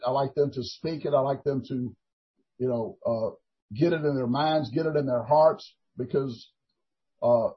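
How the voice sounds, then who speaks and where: An older man, a minister giving an earnest, halting testimony in a Christian talk show interview, full of restarts. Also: medium pitch, slightly rough. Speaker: prison minister. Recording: dull lo-fi recording.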